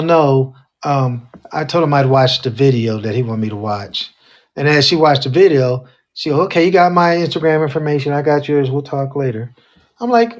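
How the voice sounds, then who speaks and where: A man co-hosting a casual talk show, telling a dating story and acting out the quoted lines. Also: on the high side. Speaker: co-host.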